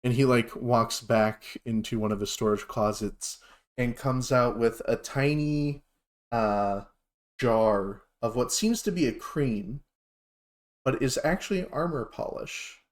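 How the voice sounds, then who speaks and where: A man narrating as game master of a tabletop role-playing game, relaxed and full of fillers. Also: medium pitch, slow pace.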